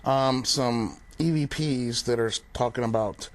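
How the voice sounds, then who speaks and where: A man's voice: medium pitch, moderate pace. A young man who is a paranormal investigator, speaking as a guest in a casual TV interview, plain-spoken and full of fillers like "um" and "like". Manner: relaxed, plain-spoken, uses many fillers like "um" and "like". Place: TV studio.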